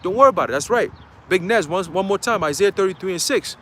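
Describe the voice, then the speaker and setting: A man's voice: sits high, expressive, fast talker, a bit bright, a little hiss or hum. A man preaching a dramatic, slangy sermon outdoors in a city, often checking in with his listeners. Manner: emphatic, checks in with "okay?". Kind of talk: street sermon.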